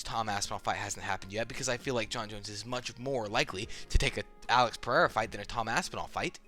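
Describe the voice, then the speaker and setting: A man's voice: mid-range voice, sharp tone. A young man ranting casually as an MMA commentator, rambling, opinionated and swearing often.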